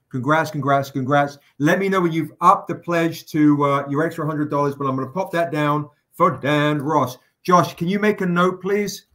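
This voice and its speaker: A man chats casually on his live stream, joking and swearing now and then. His voice sits a little higher than most men's. He talks loosely, with plenty of fillers. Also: a bit bright. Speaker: livestream host running a crowdfunding campaign.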